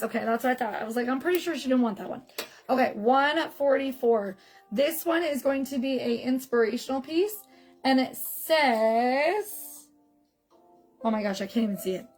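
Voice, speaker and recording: A woman's voice: high voice, rough recording. A woman selling jewelry on a live stream from her phone, chatting fondly and greeting viewers by name. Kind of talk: live-stream sales chat. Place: home, filming herself on a phone. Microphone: phone camera in selfie mode.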